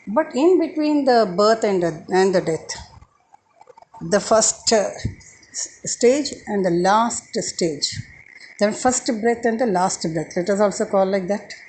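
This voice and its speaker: A woman talks slowly and thoughtfully, as if reasoning her way through each idea. She hesitates a lot, filling gaps with soft filler sounds. A faint background noise sits under her voice. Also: mid-range voice, animated, poor audio. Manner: hesitant, with frequent filler pauses. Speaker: speaker giving a short talk. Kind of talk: reflective spoken talk.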